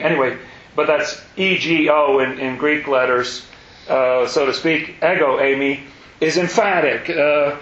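A man's voice: fairly high pitch, fairly bright tone. A man leading an informal Bible study for a group, chatty and digressive, with self-deprecating asides. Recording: roomy, muffled room recording.

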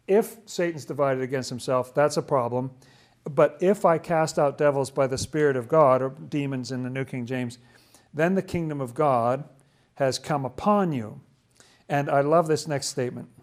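A man's voice: mid-range voice, moderate pace. A man leading a casual Bible study, explaining passages with enthusiasm and asking questions as he goes.

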